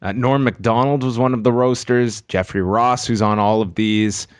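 A man's voice: medium pitch, fairly even intonation, moderate pace, no echo. A man hosting a casual wrestling podcast, joking dryly and now and then tripping over his words. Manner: joking, dry, with small stumbles. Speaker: podcast host.

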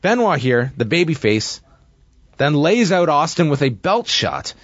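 A man casually recapping a wrestling match play by play, with steady narration and frequent fillers. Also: a little high, unhurried, no room sound, dull audio.

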